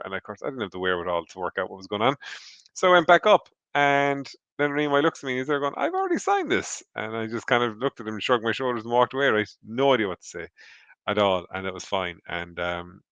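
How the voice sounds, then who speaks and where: An Irish man with a fairly low voice tells a meandering personal story in a relaxed, chatty way. The recording is dry and close, with no room sound. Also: fast talker, no room sound, lo-fi sound. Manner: rambling anecdotal storyteller. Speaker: podcast co-host on a charity stream. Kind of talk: casual storytelling. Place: home.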